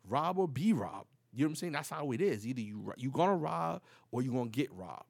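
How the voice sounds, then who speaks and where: Gravelly New man telling stories. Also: mid-range voice, a little fast, no room sound. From New York City. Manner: animated, profane street slang, acts out quoted dialogue. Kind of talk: casual storytelling.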